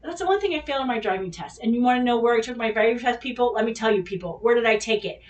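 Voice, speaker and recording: A woman's voice: on the high side, rapid-fire. Foul-mouthed woman telling a story in an echoey room. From California Bay Area. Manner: profane, animated, addresses viewers directly. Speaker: vlog host. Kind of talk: casual storytelling. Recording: echoey room, mic at a distance.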